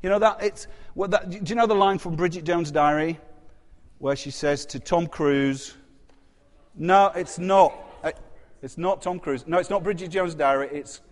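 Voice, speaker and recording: Casting: male preacher, bright high voice, chatty sermon that quizzes the room, long hall echo. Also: moderate pace. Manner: conversational, asks the congregation questions.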